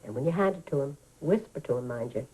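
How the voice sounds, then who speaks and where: An elderly woman telling children an old family story. Her voice is low, dark and husky. She lingers on the story with sighs and feeling. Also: animated, fast, heavily acted, poor audio. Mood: warm reminiscing. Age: older. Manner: fond, vivid storytelling with sighs. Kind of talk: 1980s radio drama.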